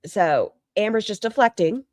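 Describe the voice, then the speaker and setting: A woman's voice: mid-range voice, animated, normal speed, noisy background. A woman giving casual, opinionated commentary on online drama, thinking aloud.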